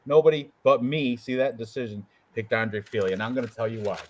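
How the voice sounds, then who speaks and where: A man co-hosting a casual show about fight predictions, joking and animated as he talks through his picks. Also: mid-range voice, a little fast. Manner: joking, animated, puts on quoted voices. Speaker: co-host picking fights. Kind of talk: casual chat.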